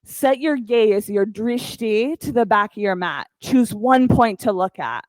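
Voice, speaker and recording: A woman teaching a yoga class, calmly counting breaths and cueing poses with encouragement. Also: on the high side, a little slow, no echo, poor audio. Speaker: yoga instructor. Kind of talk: guided yoga class cues.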